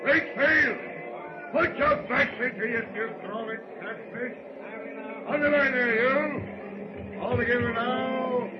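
Man playing a booming salty first mate. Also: expressive, unhurried, lightly acted. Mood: bellowing orders. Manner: hearty seafaring dialect, booming orders. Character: gruff salty middle-aged male ship's first mate. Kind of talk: 1940s radio drama acting. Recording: dull, faintly hissy old radio recording.

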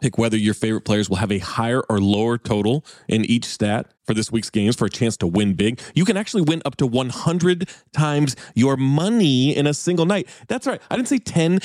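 A man's voice: lively intonation, brisk, few pauses, darkish tone, no echo, clean studio sound. Upbeat man reading a podcast ad. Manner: upbeat, emphatic sales pitch. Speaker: ad reader. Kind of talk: podcast ad read.

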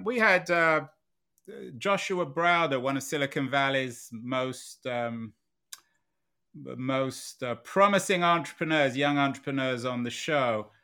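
Bright-voiced male interview host. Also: mid-range voice, smooth. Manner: long, framing questions with a conversational pace. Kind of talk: podcast interview.

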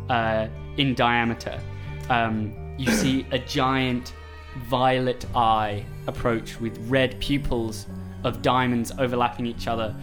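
A man narrating a tabletop game as game master, hesitant and filling pauses with "um". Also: mid-range voice. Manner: unhurried, hesitant, many "um"s.

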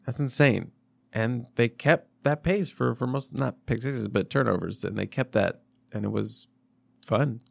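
A man's voice: medium pitch, a little slow, creaky, dry recording. A man co-hosting a podcast, rambling loosely through a casual sports chat with lots of fillers and restarts. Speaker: podcast co-host.

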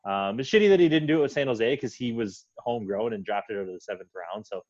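Blunt low-voiced man on dull remote audio. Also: quick pace, a little mellow, dry recording. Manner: opinionated, blunt, swears casually. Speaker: podcast guest. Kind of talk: casual sports podcast chat.

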